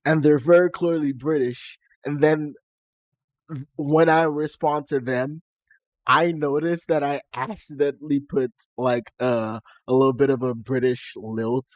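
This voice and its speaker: A young Nigerian man with a mid-range voice chats on a live stream, faking a generic American-Canadian accent and amusing himself with frequent laughter. The audio has no echo.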